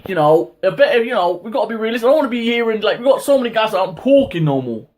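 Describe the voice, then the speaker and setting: A man hosting his own boxing talk channel, ranting in a heated, casual way, with lots of swearing and sudden high-pitched outbursts. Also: big pitch swings, racing, a little mellow. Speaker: boxing commentary vlogger. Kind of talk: casual opinion rant.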